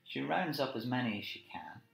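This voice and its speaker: A man's voice: medium pitch, sing-song, fairly quick, gravelly, a bit bright. A male teacher talking through a poem in a live annotation lesson, conversational and thinking aloud with tag questions. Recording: roomy echo with faint music.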